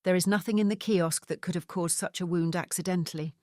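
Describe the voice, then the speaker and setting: A woman voicing a formal, old-fashioned gentleman ghost who speaks in a grave, measured way in an audiobook. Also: lowish voice, fairly even intonation, no room sound, studio quality, close to an everyday voice.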